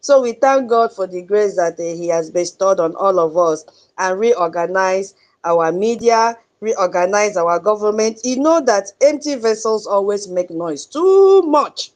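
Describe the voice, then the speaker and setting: A woman with a Nigerian accent hosting an online audio space, speaking in an emphatic, preachy advocacy style. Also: medium pitch. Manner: chanting drum sounds, emphatic and preachy, laughs often. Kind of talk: impassioned advocacy talk.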